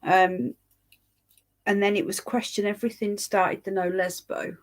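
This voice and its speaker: A woman's voice: mid-range voice, level tone, a little slow, slight background noise. A tired, yawning woman hosts a casual livestream, rambling chattily, greeting viewers by name and swearing now and then. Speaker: livestream host reading live chat.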